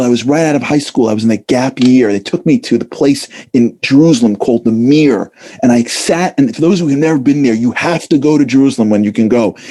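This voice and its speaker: Middle-aged male speaker, animated talk, dark husky tone, acts out quotes. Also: medium pitch. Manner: animated, acts out voices, casual fillers. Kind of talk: lively motivational talk.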